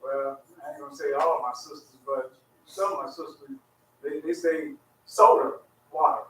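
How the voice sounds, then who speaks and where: A man's voice: fairly high pitch, moderate pace. A man in the congregation telling a casual story with a homey, joking manner. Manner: storytelling, laughs easily. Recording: very echoey room, distant mic.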